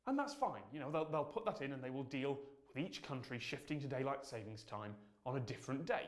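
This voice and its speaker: A man's voice: mid-range voice, quick pace. A man presenting a scripted explainer in a wry, storytelling manner. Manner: wry, storytelling, self-deprecating.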